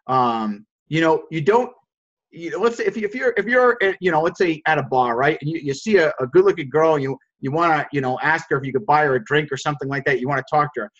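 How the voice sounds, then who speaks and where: Fairly high-voiced man coaching, dull lo-fi sound. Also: quick pace, fairly bright tone. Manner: restarts and repeats words, keeps checking in with "right?". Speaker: sales coach. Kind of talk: coaching a group call. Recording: dull lo-fi audio.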